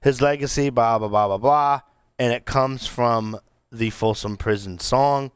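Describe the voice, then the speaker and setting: Casting note: male cigar-show co-host, smooth voice, dry close mic, rambling and excitable. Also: mid-range voice, unhurried, no echo. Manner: animated, rambling, lots of restarts. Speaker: podcast co-host reviewing cigars. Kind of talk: casual chat.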